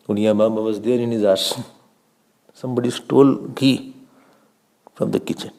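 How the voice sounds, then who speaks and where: An older man with an Indian accent giving a slow spiritual discourse as a swami, telling stories, asking questions and laughing often. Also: medium pitch, warm tone.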